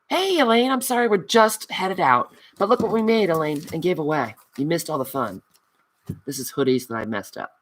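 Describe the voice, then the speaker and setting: Woman host wrapping up a craft livestream: affectionate, self-mocking, chatting back to viewers. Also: deep voice. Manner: chatty, reads out and answers viewer comments; affectionate, calls viewers honey. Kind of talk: casual livestream chat.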